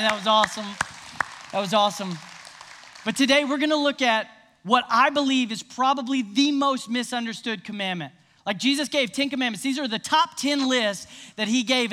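A man preaching a sermon, energetic and conversational with the congregation. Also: high voice. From American South. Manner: energetic, conversational, crowd-rousing. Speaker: pastor.

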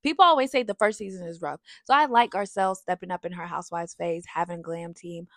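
A woman's voice: fairly low pitch, fast talker, no echo, studio quality. A woman giving a sassy, chatty recap of a reality TV show, talking straight to her viewers. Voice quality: animated, sassy, breaks into sung lines. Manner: chatty, addresses viewers as y'all. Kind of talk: casual opinionated recap.

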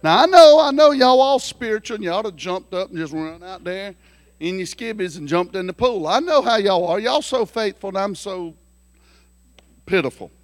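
A man preaching a sermon through folksy, joking stories, animated and lively. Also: sits high, moderate pace, dry recording. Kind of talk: storytelling sermon.

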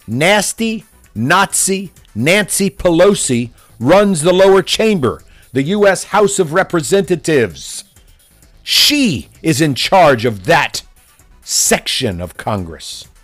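A man delivering a combative, mocking political opinion monologue as a commentator. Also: high-pitched. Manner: mocking, combative, name-calling.

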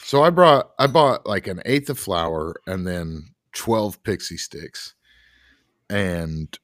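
A man's voice: low-pitched, expressive, takes it slowly, fairly bright tone, no room sound, clean studio sound. A man co-hosting a podcast, telling a rambling story in a laid-back, casual way with casual swearing. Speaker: podcast co-host.

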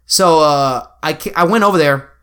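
Speaking at an ordinary speed, this man has a voice pitched a little high. He's co-hosting a relaxed podcast, narrating stories in a lively way, cursing often and acting out what people said.

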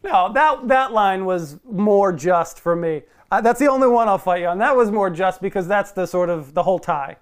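A man's voice: high voice, expressive, normal speed, hardly any pauses, clean tone. A man co-hosting a film podcast, defending a movie's script and repeating himself as he argues. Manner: argumentative, repeats himself, gives in with a laugh. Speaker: podcast co-host. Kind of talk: casual film-review debate.

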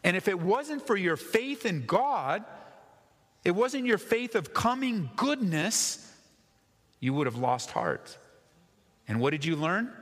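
A man's voice: sits high, very animated, slow pace, pauses often, a bit bright, long reverb tail. A male pastor preaching a sermon, reading scripture and rising to emphatic, impassioned peaks.

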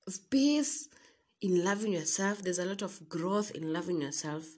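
A woman's voice: fairly low pitch, a little mellow, slightly rough. A young Kenyan woman giving a casual motivational talk to her listeners, preaching and calling them sis. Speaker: vlogger.

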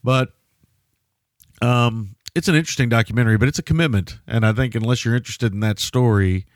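A man co-hosting a podcast, talking in a laid-back, measured way. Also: mid-range voice, no echo, studio quality. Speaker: podcast co-host. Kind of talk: casual chat.

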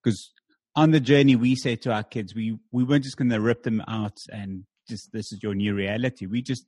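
A man, a church planter, telling anecdotes in a lively interview with fillers like "um" and "like". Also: lowish voice, a little fast, slightly rough, no echo. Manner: animated anecdotes with filler words. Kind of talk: conversational storytelling.

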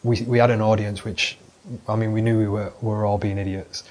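A man's voice: fairly low pitch, flat delivery, fairly quick, darkish tone. A young British man hosting his own podcast, telling a long, sweary anecdote in a loose, rambling way. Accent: British English. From Britain. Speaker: podcast host. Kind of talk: solo rambling storytelling monologue.

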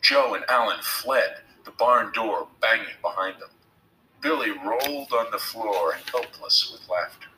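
A man narrating a children's storybook in an expressive, storytelling manner. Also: lowish voice, measured pace, roomy sound, a little hiss or hum, poor audio. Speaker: audiobook narrator. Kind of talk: storybook reading.

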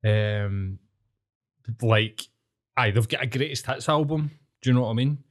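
Scottish guy, thirties, loose casual chat host, heavy swearing, animated storyteller. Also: medium pitch, a little slow. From Scotland.

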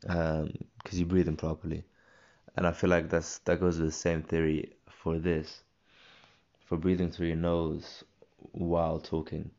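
A man's voice: very deep voice, monotone, measured pace, mellow, dull audio. A young man hosting a solo podcast, rambling casually with many fillers and restarts. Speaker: podcast host.

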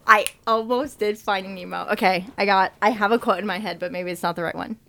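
A woman's voice: medium pitch, steady tone, fast talker, vocal fry, fairly bright tone. Chatty young woman on a video call. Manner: chatty, playful, teasing. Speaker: game player. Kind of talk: casual chat.

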